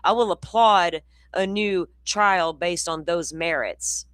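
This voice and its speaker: A low-voiced woman hosting. Her talk is blunt, sarcastic and full of swearing. The sound is dry and close. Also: takes it slowly, a bit bright, no echo. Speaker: host. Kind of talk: commentary on clips.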